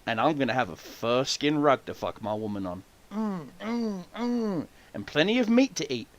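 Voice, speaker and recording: A man's voice: medium pitch, brisk. A man hosting a podcast, telling boastful stories in casual chat with lots of swearing. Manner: boastful storytelling, heavy swearing, lively. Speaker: podcast host.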